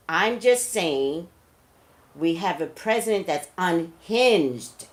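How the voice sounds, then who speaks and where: A woman's voice: mid-range voice, fairly bright tone. A woman, a psychic reader, talking emphatically straight to her viewers in casual live-stream commentary.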